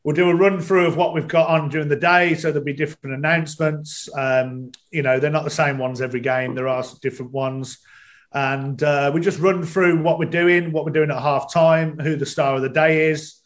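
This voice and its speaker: A man's voice: on the high side, fairly even intonation, brisk. A man, a stadium announcer and guest, telling his story at a casual pace with many fillers. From England. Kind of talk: casual interview chat.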